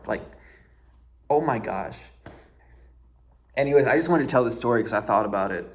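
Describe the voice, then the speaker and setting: A young man in a casual storytime monologue, his voice sitting at an ordinary middle pitch. He talks in a slangy, exasperated way, full of filler words and the odd curse. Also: fairly quick, pauses often. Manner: slangy and exasperated, peppered with "like" and "bro", swears freely. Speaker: storyteller vlogger.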